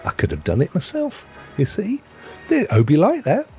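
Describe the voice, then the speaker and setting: A man's voice: high voice, huge pitch swings, normal speed, music in the background. A man hosting a gaming news live stream, chatty and jokey, laughing often. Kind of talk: casual live-stream chat.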